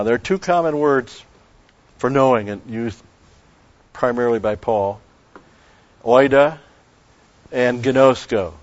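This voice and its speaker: A man teaching the Bible in an expository sermon, emphatic, repeating key phrases and slowing down on Greek words. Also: mid-range voice. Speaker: preacher. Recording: dull lo-fi recording.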